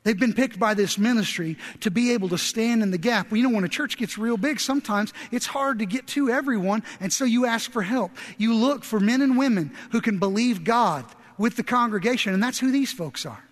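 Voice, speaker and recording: A man's voice: high voice, a little fast, few pauses. A man preaching a sermon as pastor, telling a folksy story and building to impassioned exhortation. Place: large church sanctuary. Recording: long reverb of a large church.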